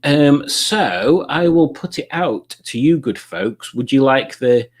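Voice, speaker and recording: Slow and expressive, a mid-range male voice runs a laid-back quiz night on a live stream, reading out viewers' comments in a joking, meandering way and laughing at puns.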